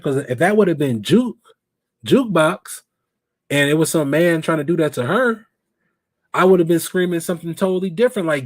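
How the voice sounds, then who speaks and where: A man's voice: on the high side, animated, a little fast, no room sound, clean studio sound. A man hosting a live stream show, chatting casually and animatedly and asking his viewers questions.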